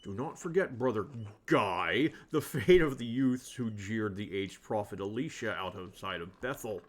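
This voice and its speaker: A man voicing a prim, pious monk who lectures and scolds in a lowered solemn voice. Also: expressive, normal speed. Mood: warning.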